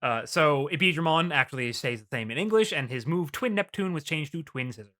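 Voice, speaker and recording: A man co-hosting a casual podcast, animated and laughing, swearing freely as he recaps an episode. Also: on the high side, fairly quick. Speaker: podcast co-host.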